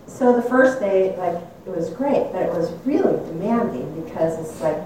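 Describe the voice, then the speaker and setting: An older woman tells a reflective personal story, candid and animated, and laughs at herself now and then. Her voice is mellow and warm. She is picked up from some distance in a very echoey room with a faint hiss behind her. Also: fairly low pitch. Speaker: speaker sharing a personal story.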